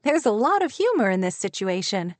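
A woman's voice: medium pitch, sing-song, fairly quick, dry recording, natural voice. A woman reading the lines of a spirited, teasing young heroine for an audiobook, in a dry, close voice.

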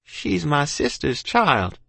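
A kindly aunt, put on by a man, pleading in a slow, gentle way, her voice lifted higher. Dry and close. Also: big pitch swings, gravelly, slightly rough, dry recording, full character voice.

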